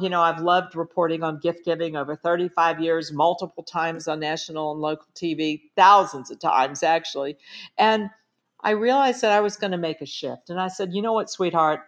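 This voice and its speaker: A middle-aged woman speaks as a guest author in a conversational interview. Her voice sits fairly low, and she talks in an earnest, emphatic way, stressing her points as she gives advice. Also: normal speed.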